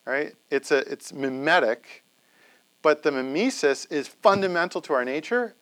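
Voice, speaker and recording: A man's voice: a little high, animated, normal speed, a bit bright. A man giving a conversational classroom lecture to a live audience, often checking in with "right?".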